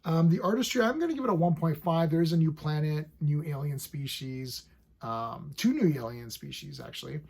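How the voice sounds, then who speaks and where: A man in his forties giving a casual, enthusiastic review of a TV episode, full of fillers and quick acted-out bits of scenes. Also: on the high side, gravelly, a little mellow. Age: 40s. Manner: chatty and enthusiastic, lots of fillers, acts out scenes.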